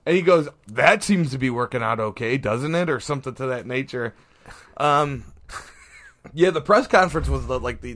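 A man's voice: medium pitch, a bit bright. A man co-hosting a casual sports podcast, rambling with lots of fillers and restarts. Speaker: podcast co-host.

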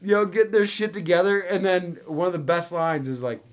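A man co-hosting a podcast in casual, profane, excitable banter. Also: high voice, brisk. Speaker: podcast co-host. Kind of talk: casual chat.

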